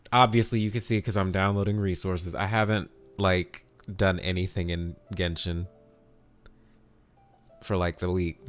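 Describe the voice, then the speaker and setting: A man with a fairly low voice hosts a live game stream, talking loosely and cheerfully to his chat. He drops the odd curse word as he goes. Soft game music plays underneath. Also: smooth, no room sound. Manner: upbeat, greets chat viewers by name, swears casually.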